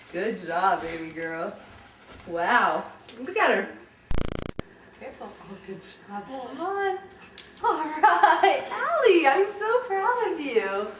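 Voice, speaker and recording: A mother speaks in a high, swooping sing-song, cooing baby talk at her toddler. She laughs and sounds close to tears. The home camera picks up a roomy echo and steady background noise. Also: takes it slowly, pauses often. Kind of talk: home video, coaxing a toddler. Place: living room at home. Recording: echoey room with background noise.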